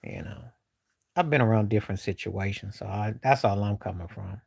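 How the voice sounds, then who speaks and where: A man's voice: on the low side, normal speed, vocal fry, darkish tone, breathy edge, no echo, studio quality. A man hosting a livestream, rambling loosely with slang while answering viewers in casual chat. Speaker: livestream host.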